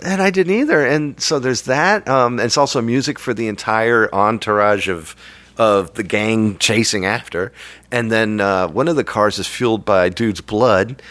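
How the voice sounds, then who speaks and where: A man's voice: fairly low pitch, moderate pace, fairly bright tone, no echo. A man co-hosting a podcast, chatting casually in a rambling, jokey way. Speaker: podcast co-host. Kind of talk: casual chat.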